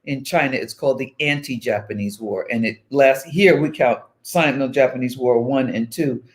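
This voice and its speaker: A woman's voice: very deep voice, normal speed. An older woman co-hosting a casual chat with her daughter, telling stories with dry humor. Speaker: co-host, mother.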